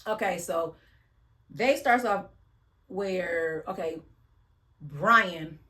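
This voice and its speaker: A woman's voice: fairly low pitch, drawn-out words, bright, forceful tone. A woman giving a casual, blunt recap of a reality show, chatty and slangy, sighing as she retells scenes.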